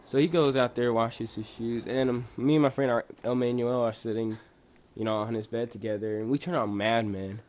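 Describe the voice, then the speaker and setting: A man's voice: mid-range voice, fairly even intonation, a little fast, darkish tone. A young man from Bosnia casually telling a rambling, profane story full of fillers and restarts. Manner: laid-back, rambling, profane, lots of fillers.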